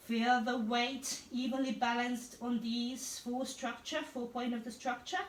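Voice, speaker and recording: A woman yoga instructor calmly guiding a class through breath and poses with encouraging cues. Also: on the high side, unhurried. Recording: echoey room, voice from a distance.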